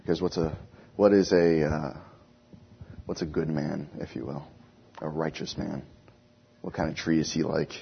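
A man's voice: very deep voice, flat delivery, normal speed, creaky, long pauses, slight background noise. A man giving an informal Bible lesson, talking conversationally and often asking his listeners questions. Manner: conversational, asks the class questions. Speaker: Bible teacher. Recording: dull lo-fi recording.

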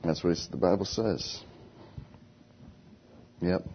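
A man's voice: sits low, slow, creaky, slight background noise. A man giving an informal Bible lesson, talking conversationally and often asking his listeners questions. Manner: conversational, asks the class questions. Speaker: Bible teacher. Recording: dull lo-fi recording.

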